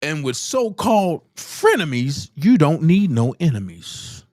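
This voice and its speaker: Blunt live-stream host, slow and emphatic. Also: mid-range voice, very animated, a little mellow, no echo, studio quality. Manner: emphatic, repeats rhetorical questions; blunt and profane.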